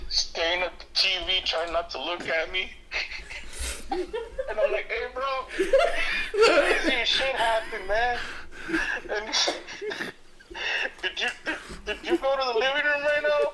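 A man appearing as a podcast guest tells an embarrassing story in casual chat, swearing freely and laughing a lot. His high, sing-song voice moves at a moderate pace with frequent pauses, in a noisy podcast recording.

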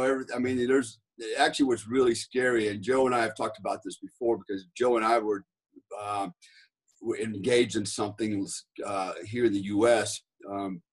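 Man, middle-aged, from the US, husky, podcast guest, casual rambling storytelling. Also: medium pitch. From United States. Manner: rambling, profane, lots of fillers.

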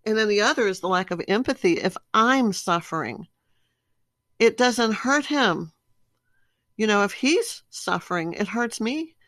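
A woman's voice: medium pitch, expressive, a little slow, fairly bright tone, dry recording. A middle-aged woman speaking casually and telling stories with animation, acting out her own reactions as she explains personality disorders.

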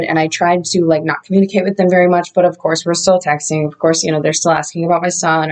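A woman's voice: fairly low pitch, darkish tone. A woman vlogger telling her own story in a candid, reflective way, with loose casual phrasing. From Indiana. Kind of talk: casual first-person storytelling.

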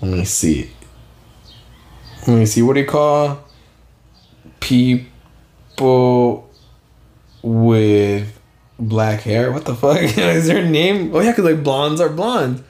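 A man's voice: mid-range voice, expressive, slow pace, long pauses, darkish tone. A young man co-hosting a casual podcast, rambling, swearing often and laughing at himself. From Southern California. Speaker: podcast co-host. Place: small warm room. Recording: roomy echo.

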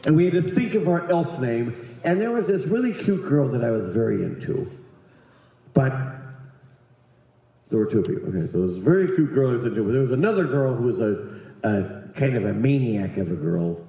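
A man's voice: mid-range voice, lively intonation, brisk, warm tone, very echoey, low-quality recording. A man doing stand-up comedy, telling a rambling, profane story and teasing audience members.

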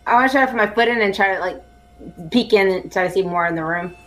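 A woman's voice: medium pitch, fast talker, fairly bright tone. A woman playing a tabletop game, talking playfully and giggling often. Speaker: player. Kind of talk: casual game chat.

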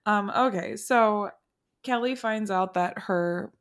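A young adult woman co-hosting a podcast, retelling sitcom scenes in relaxed casual chat with easy laughs. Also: mid-range voice, slow pace. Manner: relaxed storytelling, laughs while recounting. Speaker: podcast co-host.

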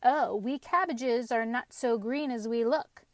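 A woman's voice: a little high, a little slow, dry recording, close to an everyday voice. A woman reading aloud and voicing a very stout male talking cabbage who is out of breath and chatty. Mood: breathless.

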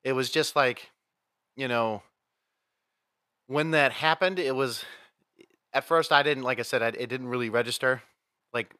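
Male podcast co-host, bright voice, rambling storyteller, dry close mic. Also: mid-range voice, no room sound. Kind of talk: casual chat.

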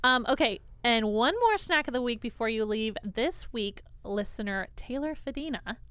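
A woman co-hosts a podcast, bubbly and eager, and quick to react to her partner. Her voice sits a bit high, and she keeps the chat light and friendly. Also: lively intonation, a bit bright, smooth, no echo. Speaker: podcast co-host. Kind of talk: casual chat.

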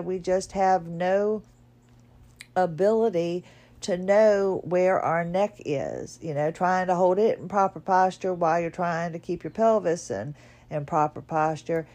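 A woman's voice: fairly low pitch, a little mellow. A woman hosting a podcast, telling a personal story in a chatty, self-deprecating way and laughing at herself. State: wearing a neck collar, recovering from illness. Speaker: podcast host.

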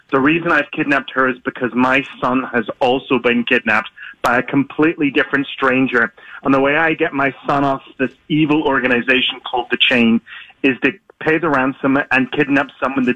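A man's voice: medium pitch, steady tone, brisk, sharp tone, no room sound, dull audio. A man with an Irish accent, an author guest talking chattily about his book in a radio interview from his apartment. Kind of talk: radio interview by remote line.

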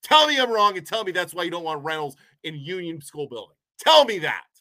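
A man's voice: high-pitched, sing-song, brisk, pushed and bright. A man from Ohio delivering a heated, sarcastic rant as a local commentator, sounding a bit sick. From Poland, Ohio, USA. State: sick, unwell. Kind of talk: ranting monologue.

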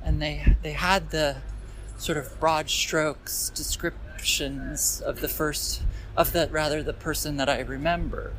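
Outdoors on a busy city sidewalk, a man records a meandering walk-and-talk on the phone in his hand, doubling back with fillers and jokes at his own expense. He's a podcast host whose fairly high, bright voice stays fairly even in intonation. Street noise is clearly audible and the audio is poor.

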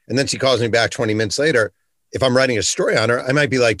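A man's voice: medium pitch, lively intonation, very fast, a bit bright, dry recording, clean studio sound. A man hosting a podcast interview, talking conversationally and telling examples. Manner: conversational, storytelling. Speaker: podcast host.

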